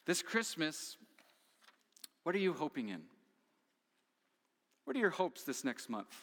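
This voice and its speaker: A man's voice: a little high, sing-song, a little slow, fairly bright tone, big-room sound. A man preaching a sermon as pastor, earnest and posing questions to his listeners.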